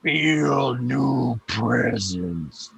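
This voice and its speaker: A man voicing a bloodthirsty male cave monster who speaks in slow, broken phrases. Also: medium pitch, animated, creaky, fairly bright tone, breathy edge, heavily acted. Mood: menacing.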